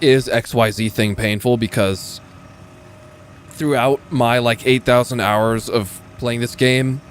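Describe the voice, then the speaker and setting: A man's voice: medium pitch, measured pace, a little hiss or hum. A young man with an American accent, casually commenting while playing a tank game, joking and swearing. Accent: General American. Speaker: gaming streamer. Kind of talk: live gameplay commentary.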